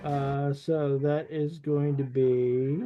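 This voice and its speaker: A man playing in a tabletop game, relaxed and a bit hesitant as he talks. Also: a little high, extremely slow, highs cut off, faint music behind. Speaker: player.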